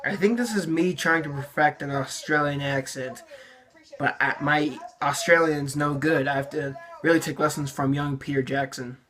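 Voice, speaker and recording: A teenager talks through a casual reaction video, poking fun at their own early work with dry sarcasm. The voice sits at an everyday middle pitch, and the delivery is loose and full of fillers and restarts. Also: moderate pace, fairly bright tone. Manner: sarcastic, self-mocking, many fillers. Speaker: YouTuber reviewing own old videos.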